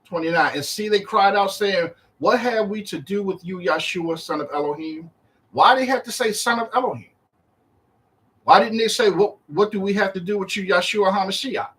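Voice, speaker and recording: A man teaching through a Bible chapter verse by verse in a casual, animated way, acting out the speakers in the text. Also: normal speed. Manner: animated, acts out the disciples' and Yahshua's words in a higher voice; conversational, uses slang while reading verse by verse.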